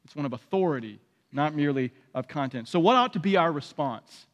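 A man preaching a sermon as pastor, emphatic and repeating his key phrases, often climbing to loud peaks. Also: a little high, animated, fairly quick, dull audio. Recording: long hall reverb.

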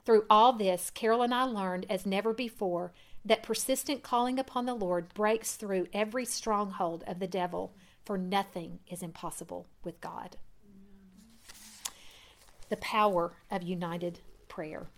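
A woman reading a first-person testimony aloud in an earnest way, growing louder at dramatic moments. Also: medium pitch, a little slow. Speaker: reader.

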